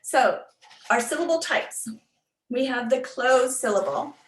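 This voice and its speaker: A woman's voice: high voice, animated, unhurried, roomy sound, low-quality recording. A woman teacher giving an informal online workshop on reading skills, chatty and full of fillers and restarts as she sounds words out. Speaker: literacy teacher presenting a workshop.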